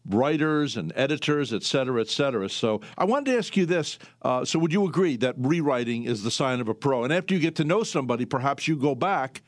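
A man's voice: mid-range voice, expressive, quick pace, few pauses, no echo, studio quality. A man hosting an interview who asks long, meandering questions full of fillers and restarts. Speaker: interview host. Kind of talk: conversational interview.

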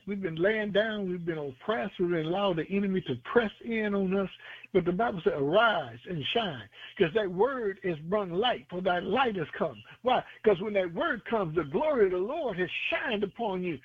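A man's voice: high-pitched, slightly rough, no echo. A man preaching a radio sermon with fervent, rhythmic phrasing, repeating lines and quoting scripture. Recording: tinny phone-line sound.

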